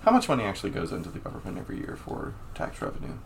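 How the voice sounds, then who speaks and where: A man's voice: sits low, wildly swooping pitch, racing, vocal fry, a little hiss or hum. A man co-hosting a casual chat. He muses in a laid-back way, laughs often and swears.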